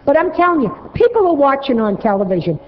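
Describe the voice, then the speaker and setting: A woman's voice: high voice, sing-song, quick pace, a little hiss or hum. A woman making a blunt, scolding public comment from a podium microphone in a city council chamber. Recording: echoey hall, dull broadcast sound.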